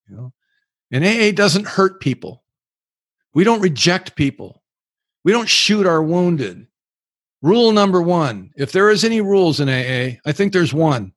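A man's voice: high voice, expressive, normal speed, dry recording, studio quality. An older man speaking as a recovery speaker and sponsor, telling stories frankly and plainly during a live Q and A talk. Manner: frank, plain-spoken storytelling. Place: live event.

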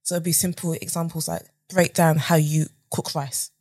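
A young woman from the UK recounts her career as an animated storyteller, slipping into other people's voices. Her voice sits a little low with a husky edge, recorded dry and close. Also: moderate pace, no room sound. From United Kingdom. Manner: animated storyteller, acts out quotes with big pitch jumps and whispers. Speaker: podcast guest. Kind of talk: casual storytelling interview.

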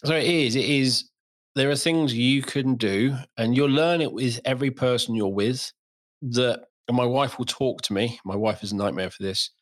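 बातूनी ब्रिटिश पुरुष पॉडकास्ट होस्ट. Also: male voice, mid-range voice, normal speed. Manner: animated storytelling, acts out voices. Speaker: podcast host. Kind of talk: casual chat.

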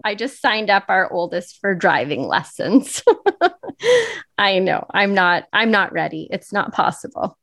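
A woman's voice: mid-range voice, a bit bright, no room sound, studio quality. A woman in her forties hosting a podcast, affirming her guest and laughing easily. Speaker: podcast host. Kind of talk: casual podcast interview.

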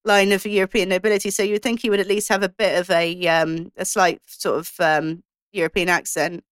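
A woman discussing films in casual chat, halting often with ums and restarts. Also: on the low side, level tone, smooth, no echo, studio quality. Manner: hesitant, many ums and restarts.

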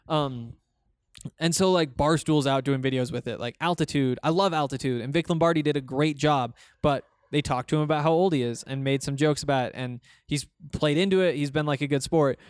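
A man's voice: a little high, no room sound, clean studio sound. A young man hosting a casual solo podcast, talking in a rambling, conversational way with many fillers and restarts as he answers listener comments. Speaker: podcast host.

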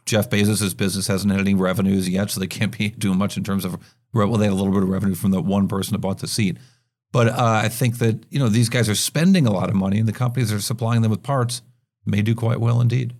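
A man hosting a business news podcast, talking through market stories in a conversational way with quick asides and frequent restarts. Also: lowish voice, fairly even intonation, a little mellow. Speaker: podcast host.

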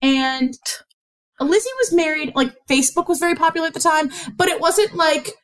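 A woman with a Midwestern, slightly Chicago-flavored accent tells a story on a podcast. Her voice is high and a little nasal, and she laughs often as she goes. The delivery is lively and casual. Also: moderate pace. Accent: US Midwestern, Chicago-tinged. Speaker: interviewer, host's sister.

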